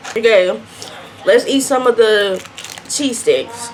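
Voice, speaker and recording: A woman's voice: on the high side, slow pace, long pauses, slight background noise. Chatty young woman telling a storytime. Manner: animated, chatty storytelling while eating. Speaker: vlogger. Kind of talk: mukbang storytime.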